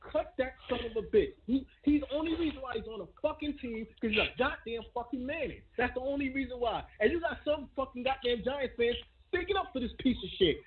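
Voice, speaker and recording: A man's voice: very high voice, a little hiss or hum. Furious male caller on a tinny phone line. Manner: furious, profane, fast-talking. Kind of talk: angry call-in rant.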